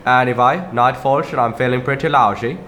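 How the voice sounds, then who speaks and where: A man's voice: medium pitch, highs cut off, a little hiss or hum, lightly acted. A man playing a self-pitying, short-tempered Christmas demon in a comedy sketch. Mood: aggrieved. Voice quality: gruff, self-pitying and quick to anger. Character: grumbling male Christmas demon with horns and fangs.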